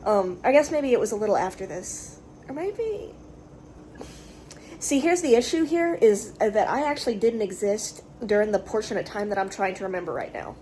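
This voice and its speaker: Halting woman with a Southern drawl. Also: medium pitch, lively intonation, darkish tone, slight background noise. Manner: hesitant, halting, full of fillers and restarts. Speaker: vlogger speaking to camera. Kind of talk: casual rambling monologue. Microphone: camera recording herself.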